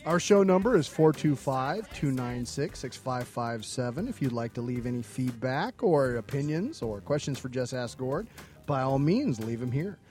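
Podcast guy telling dirty jokes and plugs, lively up and down voice, faint music under him. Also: normal speed. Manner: animated, swings from loud to low. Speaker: podcast co-host. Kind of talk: casual comedy podcast chat and joke telling.

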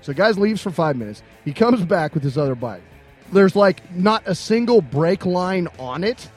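Middle-aged podcast co-host with a high voice, animated casual storyteller who acts out dialogue, faint music underneath. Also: male voice, normal speed. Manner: animated anecdote, mimics other people's lines, laughs often.

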